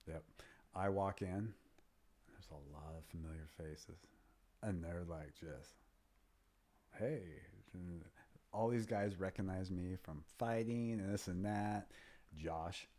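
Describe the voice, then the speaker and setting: A man's voice: deep voice, slow pace, pauses often, mellow. A man in his fifties telling rambling stories as an interview guest, often dropping to a near-whisper when he quotes people. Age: 50s. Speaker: guest, MMA fighter and trainer. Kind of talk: casual interview storytelling.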